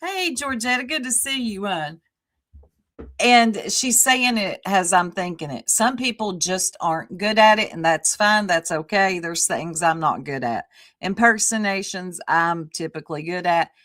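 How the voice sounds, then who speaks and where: A woman's voice: fairly low pitch, a little slow, fairly bright tone. A woman hosting a live stream in casual chat, greeting her viewers by name and laughing often as she talks. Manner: laughs often while talking. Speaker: livestream host.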